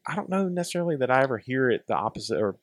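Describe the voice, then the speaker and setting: A middle-aged man, a father, co-hosting a podcast in casual chat, thoughtful and halting as he talks. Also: mid-range voice, expressive, dry recording, clean studio sound. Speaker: podcast co-host.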